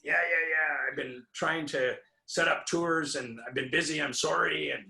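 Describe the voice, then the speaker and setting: A man imitating a gruff, curt male music manager who cuts people off on the phone. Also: on the high side, moderate pace, bright, forceful tone, roomy sound, voice pushed up, heavily acted. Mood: brisk.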